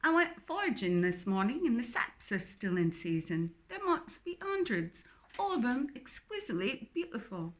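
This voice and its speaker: A woman's voice: sing-song, moderate pace. A woman voicing a friendly, cheeky young English woman with an English accent, chatty and cheerful. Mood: excited. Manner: chatty, cheerful, high and bright.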